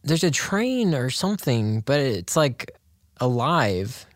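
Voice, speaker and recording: A man in casual chat, retelling movie plots with lots of laughter and animated quoted lines. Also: medium pitch, takes it slowly, no room sound, clean studio sound. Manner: animated storyteller, laughs often.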